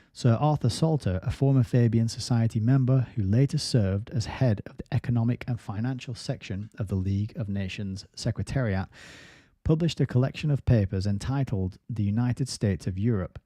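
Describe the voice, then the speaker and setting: A man reads through a book at an even pace, with a few casual side remarks. His voice is very dark and a bit low. The sound is dry, with no room around it. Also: no echo. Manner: steady reading with brief casual asides. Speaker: book reviewer reading aloud. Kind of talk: reading a book aloud with asides.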